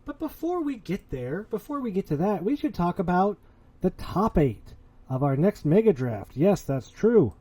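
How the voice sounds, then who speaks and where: A man's voice: high-pitched, very animated, moderate pace, dark tone, slightly rough. A man hosting a casual podcast, talking in a boastful, hyped-up, playful way. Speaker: podcast host.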